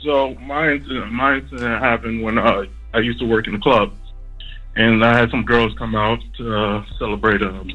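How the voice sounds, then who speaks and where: A man's voice: mid-range voice, steady tone, normal speed, lo-fi sound, soft background music. A man calling in to a radio show and telling an embarrassing story, laughing along. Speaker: caller.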